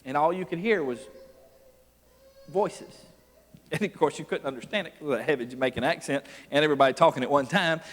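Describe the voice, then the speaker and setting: Folksy preacher in a reverberant church. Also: male voice, fairly high pitch, brisk, pauses often. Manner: folksy storytelling, laughs often, builds to loud preaching. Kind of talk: revival sermon. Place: church sanctuary. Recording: long church hall reverb.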